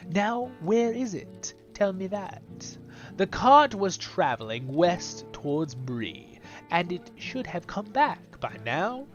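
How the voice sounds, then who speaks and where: A man voicing an anxious game merchant with a put-on Southern American accent, reading haltingly. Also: high-pitched, lo-fi sound, voice pushed up, exaggerated voice. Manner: halting read-aloud quest text. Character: anxious male merchant missing his supply cart.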